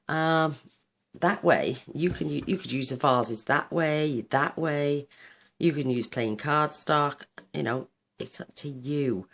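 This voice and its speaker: A woman hosting a card-making tutorial, chatting enthusiastically while she works, her voice a little croaky. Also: a bass voice, a bit bright, slight background noise. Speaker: craft channel host.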